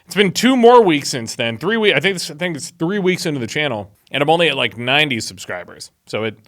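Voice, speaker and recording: A man's voice: fairly high pitch, very animated, fast, fairly bright tone. A man reading a Bible chapter aloud and cracking sarcastic jokes between the verses. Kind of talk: casual reading with commentary.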